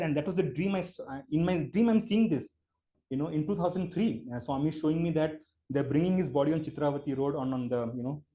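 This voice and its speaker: A man's voice: fairly high pitch, dark tone. Earnest man. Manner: earnest storytelling with many fillers, rising emotion at key moments. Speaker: devotional speaker. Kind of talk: personal testimony at an online devotional session. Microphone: online call microphone.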